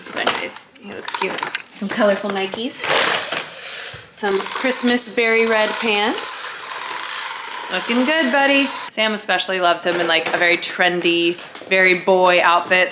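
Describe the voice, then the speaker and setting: A woman in her thirties chatting casually to a handheld camera at home, upbeat and at times hushed. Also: mid-range voice, noisy background. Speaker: vlogger and sports broadcaster. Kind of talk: casual vlog chat to camera. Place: home, getting ready in the morning.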